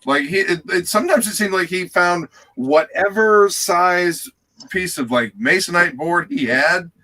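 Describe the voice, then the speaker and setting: A man's voice: sits high, unhurried, pushed and bright. A man chatting as a guest on a live stream, blunt and profane, rambling about art. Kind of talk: casual chat.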